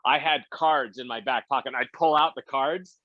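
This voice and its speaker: A man, a game show host and producer, chatting as a podcast guest and telling animated anecdotes. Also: moderate pace, dry recording. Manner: animated anecdote-telling, acts out quotes with big pitch jumps. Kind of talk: casual podcast storytelling. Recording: dull, slightly lo-fi dry podcast audio.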